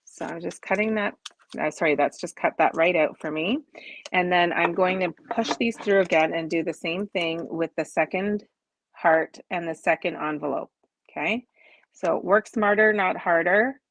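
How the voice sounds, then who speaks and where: A woman in her forties with a slightly low voice hosts a live crafting stream from her home desk. She talks viewers through each step and drifts into friendly asides. She laughs often at her own jokes. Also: moderate pace. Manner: chatty and self-deprecating, laughs often, explains each step. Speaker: crafting host.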